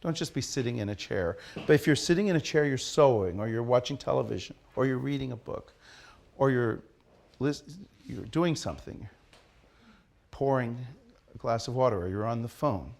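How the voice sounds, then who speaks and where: A man's voice: medium pitch, animated, moderate pace, vocal fry, a little mellow. A man teaching an acting class in a studio, asking his students questions and leading them through an exercise. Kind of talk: classroom lecture.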